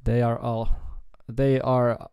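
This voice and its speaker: A man from Finland with a Finnish accent, chatting casually on a live stream with halting speech, fillers and chuckles. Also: medium pitch, little pitch movement, creaky, warm tone, clean tone, dry recording, clean studio sound. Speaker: guitar YouTuber streaming.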